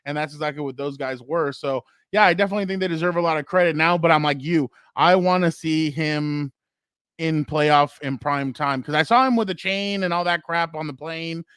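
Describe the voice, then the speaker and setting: A man with a fairly high voice holds forth on football as a podcast co-host, winding through anecdotes with plenty of fillers. He talks in a loose, conversational way. The sound is dry and close to the mic. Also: brisk, a bit bright, smooth, no echo. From San Diego area. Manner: storytelling, rambling, with fillers and asides. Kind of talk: casual sports chat.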